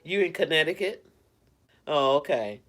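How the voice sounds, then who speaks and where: A man's voice: on the high side, lively intonation, moderate pace, a bit bright. A man chatting casually at home on a live stream, rambling in a caring way and greeting viewers by name. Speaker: live streamer reading chat.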